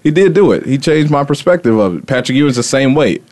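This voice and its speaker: Fast-talking easygoing man. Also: mid-range voice, expressive, darkish tone. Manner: quick, easygoing, laughs often. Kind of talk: casual sports talk.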